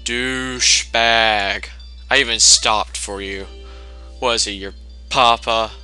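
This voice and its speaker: Taking it slowly, a man speaks in a lowish, clean voice with fairly even intonation and a pushed, bright quality. His let's play commentary runs over game music, jokey and profane, and he reads the game's text aloud in mocking tones.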